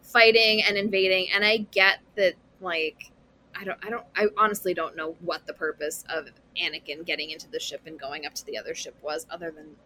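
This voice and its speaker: Bright-voiced woman chatting casually. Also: on the low side, steady tone, brisk, slight background noise. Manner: chatty, many "like" fillers, opinionated. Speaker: podcast co-host. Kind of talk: casual chat about films.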